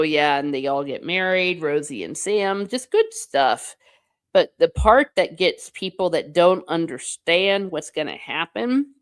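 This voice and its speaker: A middle-aged woman hosts a casual livestream, answering viewer comments in a chatty, wry way. Her voice sits a little low, and she turns playfully exasperated. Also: clean tone. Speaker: host reading live chat. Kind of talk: casual livestream chat about films.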